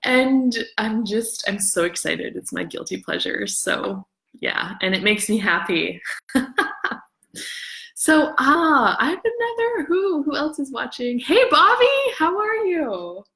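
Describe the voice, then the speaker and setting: Bright-voiced chatty Canadian woman. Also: on the high side, takes it slowly, gravelly. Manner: chatty, rambling, excitable, greets viewers. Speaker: livestream host. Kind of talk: casual live chat.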